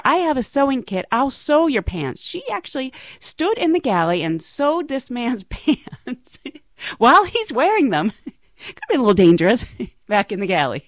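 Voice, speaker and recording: Lively flight attendant telling stories. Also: female voice, fairly low pitch, dry recording. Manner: animated, laughs often. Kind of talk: casual storytelling.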